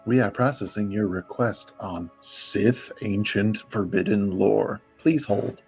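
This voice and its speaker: A man doing a slow, husky automated hold message. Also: lowish voice, faint music behind, full character voice. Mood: mock-official. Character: slow automated male hold-line announcement voice.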